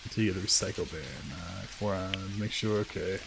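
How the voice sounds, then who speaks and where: A man's voice: deep voice, flat delivery, a little fast, background noise. A man chatting casually while live-streaming a video game, rambling through asides and poking fun at himself. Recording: game music playing clearly behind.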